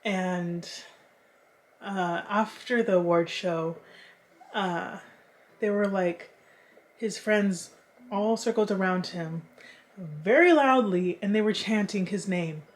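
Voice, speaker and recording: A young woman vlogging in casual chat, chatty and animated, swearing freely as she talks. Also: mid-range voice, slow.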